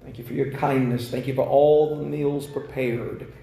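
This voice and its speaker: A man preaching a revival sermon in a church, fervent and rising to shouts. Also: mid-range voice, steady tone, normal speed, vocal fry. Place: church sanctuary. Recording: echoey church room.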